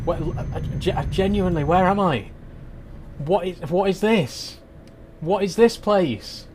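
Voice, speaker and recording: A man's voice: sits high, unhurried, a little mellow, a little hiss or hum. A man streaming a trucking game, talking to himself in exasperated, self-mocking commentary.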